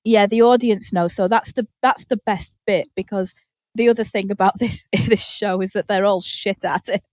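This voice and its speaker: A British woman hosting a podcast, telling animated stories in casual chat, laughing often and swearing casually. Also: mid-range voice, normal speed, no echo. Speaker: podcast host.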